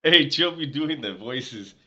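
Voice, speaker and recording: Brief: reaction host, man, bright amused asides, distant and muffled mic. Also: mid-range voice, lively intonation, slow, echoey room. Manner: amused side remarks. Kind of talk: reaction commentary.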